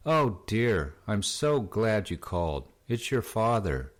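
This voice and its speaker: A man voicing a worried middle-aged mother who speaks slowly and keeps her upset under control. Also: on the low side, sing-song. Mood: controlled worry. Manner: slow and controlled.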